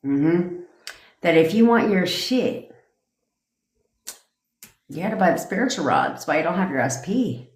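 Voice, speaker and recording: A woman's voice: on the low side, big pitch swings, measured pace, long pauses, roomy sound. A woman coaching on a livestream, ranting bluntly and profanely and answering viewers' comments. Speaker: manifestation coach. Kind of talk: casual livestream rant.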